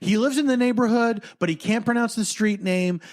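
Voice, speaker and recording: A man with a fairly high voice co-hosts a casual podcast chat, spinning an animated story. He drops into low mutters one moment and nearly shouts the next, with quick shifts of energy. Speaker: podcast co-host.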